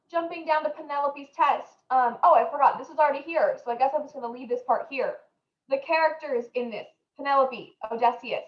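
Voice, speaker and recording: High-voiced chatty woman teacher. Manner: chatty, quick, full of "like". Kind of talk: casual lesson explanation. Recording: echoey muffled room audio.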